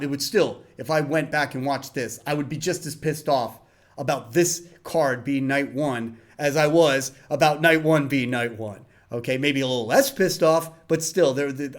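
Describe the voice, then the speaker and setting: A young man hosting a casual wrestling review in a rambling way, with many fillers and restarts. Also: mid-range voice. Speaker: host.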